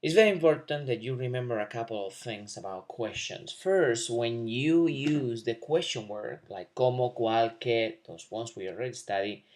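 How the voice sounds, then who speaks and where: A man teaching a video language lesson, explaining question forms and slowly modeling example sentences for learners to repeat. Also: fairly low pitch, darkish tone. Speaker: Spanish teacher.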